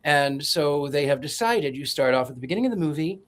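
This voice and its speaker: A man with a fairly high voice rambles through a film summary, full of deadpan sarcasm and playful asides. He restarts his sentences often and keeps the tone light and teasing. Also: brisk. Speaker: podcast co-host. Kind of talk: joking film synopsis.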